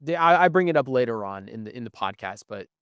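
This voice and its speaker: A man's voice: mid-range voice, animated, quick pace, clear, resonant tone, no echo, clean studio sound. A young man co-hosting a podcast, explaining things at length in casual chat and often asking "right?". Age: young adult. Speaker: podcast co-host. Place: museum.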